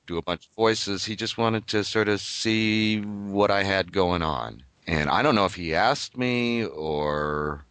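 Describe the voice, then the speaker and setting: A man's voice: low-pitched, slow pace, few pauses, fairly bright tone, smooth, no echo. An older man, a voice actor, talking thoughtfully and explaining his craft in an interview. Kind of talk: reflective interview talk.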